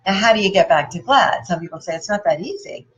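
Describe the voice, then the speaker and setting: A woman giving a playful, animated motivational talk and putting questions to her audience. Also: mid-range voice, quick pace, lo-fi sound. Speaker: motivational speaker.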